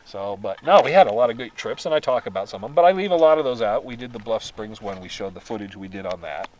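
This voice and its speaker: American man, casual storyteller, animated delivery, voice at times off-mic. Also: on the low side, quick pace, far from the mic, rough recording. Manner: animated, laughs while telling stories. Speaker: podcast host.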